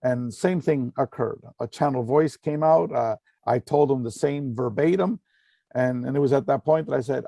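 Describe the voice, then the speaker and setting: A man's voice: medium pitch, normal speed, creaky, warm tone, no room sound. A middle-aged man earnestly telling a personal story in a talk, with many fillers and repeated phrases. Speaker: speaker giving a talk.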